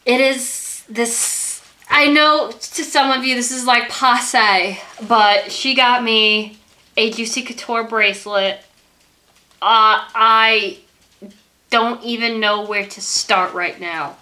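A young woman vlogging as she opens a gift, gushing with repeated excited exclamations. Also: a little high, takes it slowly. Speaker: YouTuber opening a gift. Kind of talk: casual vlog unboxing.

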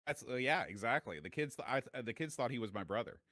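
A man's voice: medium pitch, expressive, quick pace, pushed and bright. A man co-hosting a casual retro-gaming podcast, dry and self-deprecating. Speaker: podcast co-host. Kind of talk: casual chat.

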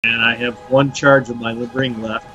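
A man's voice: mid-range voice, little pitch movement, moderate pace, bright, forceful tone. A man playing a tabletop game, wry and a little apologetic as he calls his actions. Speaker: player. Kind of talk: casual tabletop play. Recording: dull lo-fi sound with faint music.

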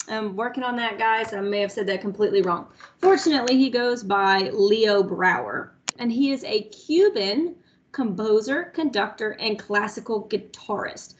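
A woman's voice: a little high, animated, normal speed, muffled recording. A woman, a music teacher giving an upbeat online lesson to young children. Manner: upbeat, talks to kids directly with lots of "guys" and "all right".

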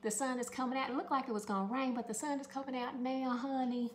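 A woman's voice: sits high, fairly even intonation, fast talker, reverberant, a little hiss or hum. A woman chatting through a home cooking demonstration, affectionate and talkative, calling her viewers honey.

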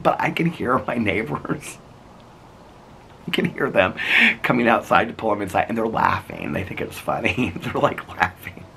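A man in his fifties rambles through stories in a casual vlog, his low voice gravelly yet bright. His delivery swoops up and down with lively expression as he meanders from one tangent to the next. Faint outdoor ambience with birds sits quietly behind him. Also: a little hiss or hum. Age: 50s. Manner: chatty, meandering storyteller who laughs often. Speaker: vlogger. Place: outdoors in a residential neighborhood.

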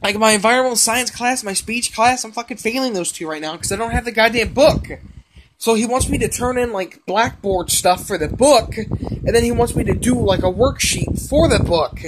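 A man's voice: very high voice, moderate pace, noisy background. A young man who is a gaming vlogger, ranting in frustration and cursing heavily as he rambles while playing a game. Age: young adult.

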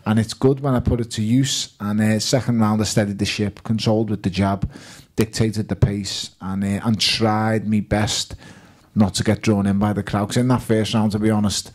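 A man with a Liverpool accent, a guest at a live fan evening, telling lively stories and quoting himself and others. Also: lowish voice, normal speed. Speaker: guest boxer.

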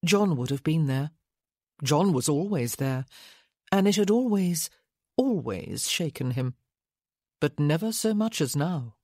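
A woman narrating a romance audiobook in a measured, intimate reading. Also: low-pitched, animated, a little mellow, no room sound, clean studio sound. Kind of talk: scripted narration.

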